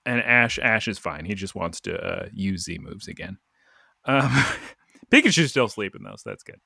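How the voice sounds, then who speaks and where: Lively bright-voiced man, casual podcast chat. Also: mid-range voice, moderate pace, creaky, no room sound, studio quality. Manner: rambling, jokey, lots of "like" fillers. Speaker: podcast co-host. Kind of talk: casual chat recapping an anime.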